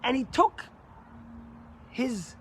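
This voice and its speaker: A man, a rabbi, giving a short inspirational sermon as an earnest storyteller who drops low and soft for the moral. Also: sing-song, drawn-out words, slight background noise.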